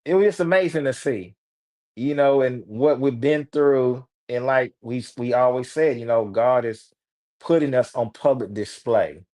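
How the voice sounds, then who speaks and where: A man's voice: medium pitch, darkish tone. A man with a Houston, Texas accent, a guest author giving an earnest testimony of faith over a video call. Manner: earnest, slow, preachy encouragement. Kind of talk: testimony in casual chat. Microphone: streamed video call.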